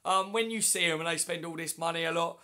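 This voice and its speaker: A man with a hoarse, flu-worn voice hosting a casual fan livestream on his phone, chatting matily and answering viewer comments one by one. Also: on the high side, fast talker, sharp tone. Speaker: livestream host.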